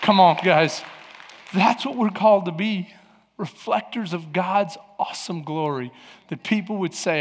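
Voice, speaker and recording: A man preaching a sermon as pastor, telling stories lively and acting out the voices of the people in them. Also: sits high, unhurried. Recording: long hall reverb.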